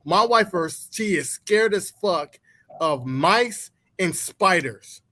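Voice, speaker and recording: High-voiced animated man telling stories. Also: slow. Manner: animated storytelling, mimics others in high voice; profane, blunt. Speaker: podcast co-host. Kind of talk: casual chat.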